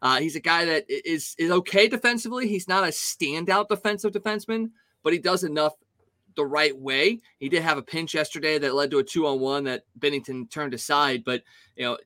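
Bright, animated male sports podcaster. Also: fairly high pitch, a little fast, no room sound. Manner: animated, opinionated hockey analysis. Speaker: podcast co-host. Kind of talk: casual sports talk.

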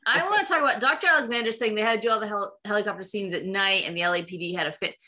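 Bright, chatty woman discussing films. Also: mid-range voice, rapid-fire. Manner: animated, chatty, laughs often. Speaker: podcast co-host. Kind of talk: casual film discussion.

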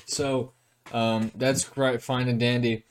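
A young man hosting a podcast, excitable and swearing a lot in casual chat. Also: medium pitch, slow, a little hiss or hum. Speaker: podcast host.

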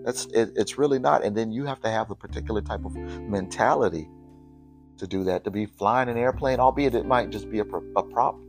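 A middle-aged man with a somewhat low voice talks warmly and encouragingly in a relaxed family chat. Faint guitar music sits behind him. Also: fairly quick. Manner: encouraging, animated when quoting others. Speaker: father in family conversation. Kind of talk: casual heartfelt chat.

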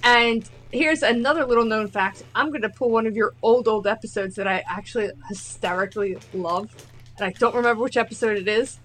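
A woman guest on a podcast, telling stories quickly and eagerly. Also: fairly high pitch, fairly bright tone. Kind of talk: casual podcast chat.

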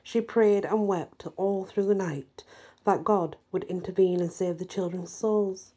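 Woman, storyteller, husky, mellow, measured reading. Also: medium pitch. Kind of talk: reading a folk horror story aloud.

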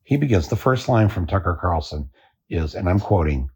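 Male podcast host, husky low voice, dry satirical monologue. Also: moderate pace. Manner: dry, deadpan telling with chuckles.

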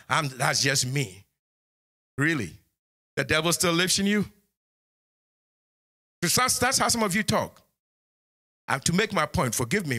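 Pastor guy scolding his church, kinda high bright voice, jumps from mutters to loud. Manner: scolding, swings from low asides to high exclamations. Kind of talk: sermon.

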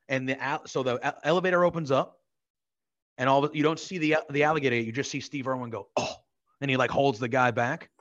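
Brief: excitable guest telling a story, fired-up sports fan, dull muffled webcam sound. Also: male voice, medium pitch. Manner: animated storyteller, heated sports banter, swears. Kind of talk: casual chat. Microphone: video call.

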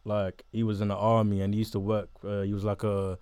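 A young man from southeast London with a South London accent, chatting casually in an interview, laid-back and quick to laugh. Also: on the low side, monotone, darkish tone, clean tone, dry recording. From Botswana, raised in southeast London.

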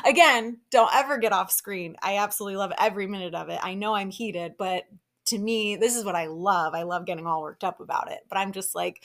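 A young woman talks straight into the mic in a casual solo recap, heated and opinionated. Her voice sits at a middle pitch, and she keeps breaking off with asides and exasperated sighs. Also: a little fast, fairly bright tone. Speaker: podcast host recapping reality TV.

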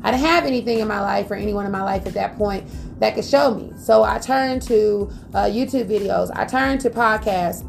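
A woman hosting a motivational business podcast, speaking in a lively, preachy way and talking straight to her listeners. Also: medium pitch, normal speed, vocal fry, faint music behind. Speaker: podcast host.

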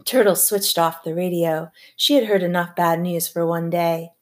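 A woman narrating a novel as an audiobook reader, with a measured, even storytelling delivery. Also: lowish voice. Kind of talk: scripted narration.

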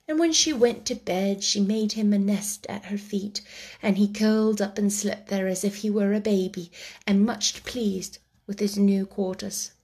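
A woman reading a children's book aloud chapter by chapter, soft and gentle, dropping to a whisper at tense moments. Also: medium pitch, a little slow, husky. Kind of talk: chapter-by-chapter read-aloud storytelling.

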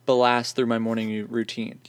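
A man's voice: medium pitch, completely flat delivery, moderate pace, clear, resonant tone. A young man co-hosting a podcast, talking casually and at length from inside his car. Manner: chatty, explains at length. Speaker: podcast co-host. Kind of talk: casual chat.

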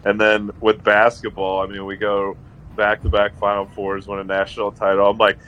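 On a casual sports podcast, this co-host tells stories in an animated way, saying "like" a lot and laughing at himself. His voice is on the low side at a moderate pace, and the recording quality is poor.

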